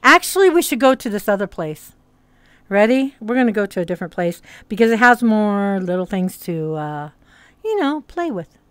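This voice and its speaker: Her mid-range voice is smooth and sing-song at a moderate pace, captured in a dry recording. She's a woman streamer and hypnotist with a hard-to-place mixed accent, casually rambling and swearing a little on a livestream in a VR social world.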